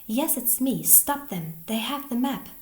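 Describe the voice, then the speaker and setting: A woman voicing the angry ghost of an old sea captain who shouts commands in a roomy-sounding recording. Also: on the high side, lively intonation, unhurried, pitched above the performer's own voice. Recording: roomy echo.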